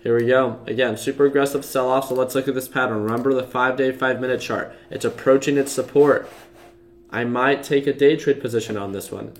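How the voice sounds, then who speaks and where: A man's voice: mid-range voice, fairly even intonation, brisk. A young man hosting a casual trading livestream, talking loosely with lots of fillers and restarts as he walks through charts. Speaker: stock trading livestream host. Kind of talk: casual market commentary to live viewers.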